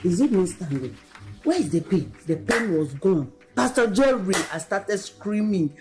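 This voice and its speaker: A woman giving an emotional recorded testimony, excitedly calling the pastor by name again and again. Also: medium pitch, unhurried, soft background music, poor audio. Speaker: testimony giver.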